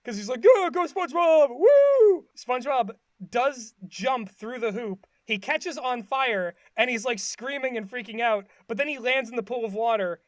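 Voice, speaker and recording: A man's voice: extremely high pitch, moderate pace, hardly any pauses, sharp tone, no room sound, clean studio sound. A man casually retelling a cartoon episode on a podcast, rambling with lots of fillers and acting out bits of dialogue. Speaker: podcast co-host recapping an episode. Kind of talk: casual chat.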